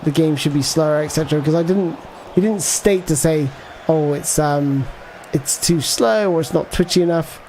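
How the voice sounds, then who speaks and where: Male livestreamer, slightly raised pitch; loose, meandering play-by-play and chat replies. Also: moderate pace, hardly any pauses, dark tone, a little hiss or hum. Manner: rambling, thinks aloud, reads out viewer chat. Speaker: gaming livestreamer. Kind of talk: casual live gameplay commentary.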